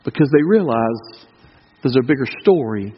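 An American man preaching a sermon as pastor, conversational, with rhetorical questions and swings between loud and hushed delivery. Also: mid-range voice, animated, moderate pace, big-room sound, lo-fi sound, a little hiss or hum. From United States.

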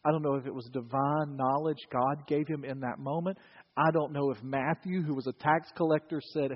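A man's voice: fairly high pitch, steady tone, normal speed. A male pastor preaching a sermon in a conversational, storytelling way with wry humor. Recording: dull, reverberant church recording.

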